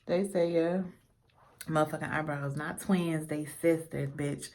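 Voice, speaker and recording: A tipsy young woman with a low voice talks loosely through her makeup routine. She rambles, swears freely and throws playful insults between steps. Her voice sits deep for a woman. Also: steady tone, unhurried, darkish tone. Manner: profane, rambling, playful trash talk. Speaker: beauty vlogger. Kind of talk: casual makeup tutorial chat.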